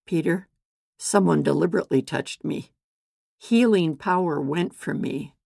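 A woman voicing a calm, authoritative male healer and teacher in a Bible storybook reading, gentle but commanding. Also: sits low, unhurried, vocal fry, no room sound, studio quality, exaggerated voice.

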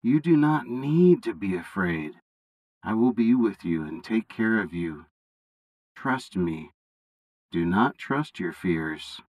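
A man putting on God for a read-aloud bible story, calm, fatherly and commanding. He talks slowly and with steady authority, his phrasing rising and falling widely. The sound is close and dry. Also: on the low side, dry recording, pitched below the performer's own voice, rough recording. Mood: reassuring.

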